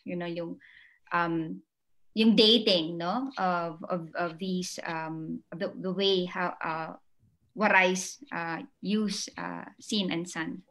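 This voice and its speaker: A woman speaking on an online panel over a video call, halting and full of fillers. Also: fairly low pitch, steady tone, a bit bright.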